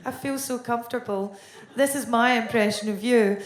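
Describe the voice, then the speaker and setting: A woman's voice: fairly high pitch, normal speed. A woman with a Scottish accent doing a stand-up routine, with dry, wry storytelling. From Scotland. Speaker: stand-up comedian. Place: comedy stage. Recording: echoey room with noise.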